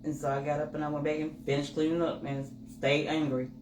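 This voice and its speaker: A woman co-hosting a candid couple's chat with her husband, telling personal stories with lively acted-out inner dialogue. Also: low voice, fairly quick. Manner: animated storytelling, acts out her own inner voice. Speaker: co-host. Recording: roomy with faint noise.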